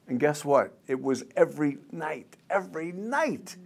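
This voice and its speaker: A man in his seventies, a singer telling stories in a casual interview, rambling and animated, mimicking crowd chants. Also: on the high side, moderate pace, few pauses. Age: 70s.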